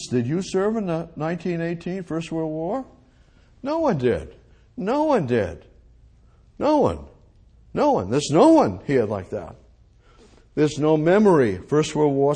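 An older man preaching a rambling, animated sermon full of rhetorical questions to a congregation. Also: mid-range voice.

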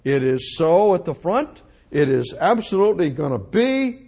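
A man preaching an expository sermon, emphatic, repeating phrases and swinging from loud declarations to quiet asides. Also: a little high, big pitch swings, a little slow.

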